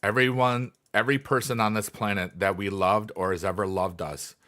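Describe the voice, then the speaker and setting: A man's voice: on the low side, steady tone, moderate pace, pushed and bright. A man in casual livestream chat, rambling with lots of fillers and reading chat messages aloud. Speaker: livestreamer, former teacher.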